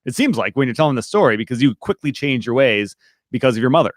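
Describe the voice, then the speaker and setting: A man's voice: medium pitch, animated, fast, dry recording. Reflective male podcast host, dry sound. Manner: reflective, asks probing questions. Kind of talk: conversational podcast talk.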